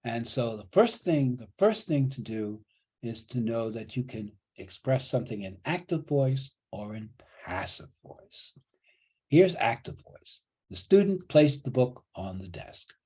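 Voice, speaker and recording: Patient teacher, mellow husky voice. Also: male voice, mid-range voice, expressive, a little slow. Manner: patient, explanatory, repeats key points. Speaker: college writing teacher. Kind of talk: online class lecture. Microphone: computer mic on a video call.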